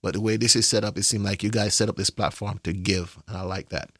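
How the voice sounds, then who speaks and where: A man's voice: lowish voice, fairly even intonation, fast talker, a bit bright, slightly rough, no echo, clean studio sound. A man with a Jamaican accent hosting a radio show, chatting with guests in a playful, joking, rambling way. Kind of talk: casual radio chat.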